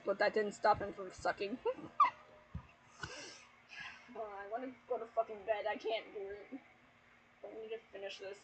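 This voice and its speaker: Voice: medium pitch, fairly bright tone, slight background noise, poor audio. A YouTuber reading a fanfiction aloud at home at night, breaking off into exasperated, heavily sworn commentary and laughter. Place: at home at night with family asleep.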